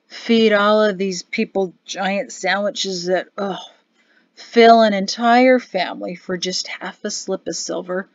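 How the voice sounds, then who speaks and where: A woman's voice: mid-range voice, fairly even intonation, slow, dry recording, highs cut off. A woman voicing a tipsy young man who mumbles and slurs in an audiobook. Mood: drunk mumble. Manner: mumbling, slurred. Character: drunk, groaning young man.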